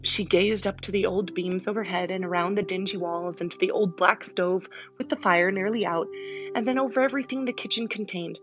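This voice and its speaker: A woman narrating a storybook in an expressive, animated reading voice. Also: medium pitch, fairly quick, dull audio. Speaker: audiobook reader.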